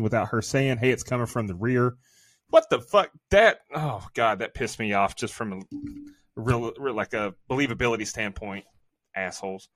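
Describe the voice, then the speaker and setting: A man's voice: lowish voice, fairly bright tone, no echo, clean studio sound. A man co-hosting a casual movie review podcast, venting in a profane, exasperated rant. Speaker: podcast co-host.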